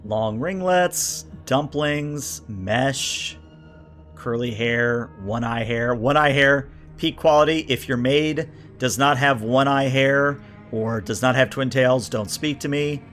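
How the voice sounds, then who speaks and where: A man's voice: medium pitch, takes it slowly, fairly bright tone, soft background music. A man reviewing a tabletop role-playing book on a livestream. He reads entries aloud, riffs on each one and talks to his chat. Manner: thinks aloud, reads list entries then riffs on them; chatty, answers chat, frequent filler words and restarts. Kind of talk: casual livestream commentary.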